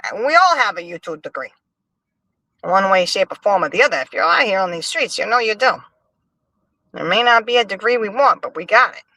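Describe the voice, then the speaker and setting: A woman hosts a casual gossip livestream, dishing commentary to her chat with a sassy, animated delivery. Her voice is bright and forceful, and it rises and falls all over the place. The sound is close and dry, with no room around it. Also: medium pitch, fairly quick, no echo. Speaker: livestream host.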